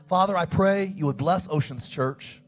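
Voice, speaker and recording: A man preaching a sermon as pastor, animated, acting out the story's dialogue in quick asides. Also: sits high, faint music behind.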